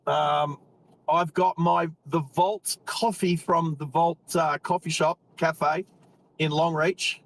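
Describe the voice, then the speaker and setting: A man's voice: a little high, steady tone, slow, rough recording. An Australian man hosting a live driving stream, chatting casually and rambling while he drives and greets viewers by name.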